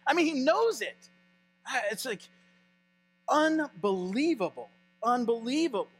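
A male pastor preaching a sermon in an animated, conversational way. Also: extremely high pitch, moderate pace, faint music behind.

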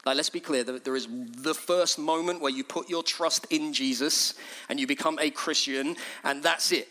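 Impassioned high-voiced male preacher. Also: moderate pace. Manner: impassioned, swings from hushed to shouting. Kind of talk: sermon.

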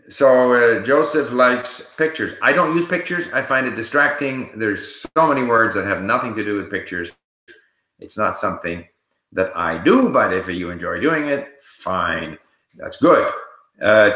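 A man hosting a casual live Q&A, reading viewer questions aloud and answering them in a relaxed, explanatory way while he thinks aloud. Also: medium pitch, normal speed, roomy sound, rough recording.

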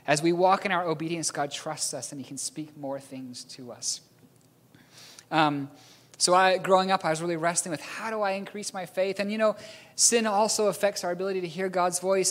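Young male preacher, earnest storyteller, a touch high-pitched, echoing church hall. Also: fairly bright tone. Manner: storytelling, earnest with self-mocking laughs. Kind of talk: sermon. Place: church auditorium.

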